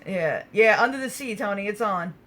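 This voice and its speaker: A woman's voice: medium pitch, lively intonation, moderate pace, a bit bright, faint music behind, poor audio. A woman hosting a casual livestream, answering viewer comments in a candid, blunt way, swearing freely and laughing often. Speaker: livestream host.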